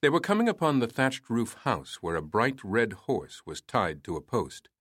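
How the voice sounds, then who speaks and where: A man reading a historical story aloud in a measured storytelling manner. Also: on the low side, fairly bright tone, no room sound, clean studio sound. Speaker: narrator. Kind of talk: scripted narration.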